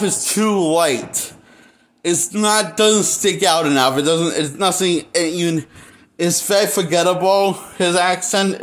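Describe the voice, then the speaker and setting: A man with a somewhat high voice rambles through a movie review. He speaks slowly, halting often and restarting sentences with plenty of fillers. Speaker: movie critic. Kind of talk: unscripted spoken movie review.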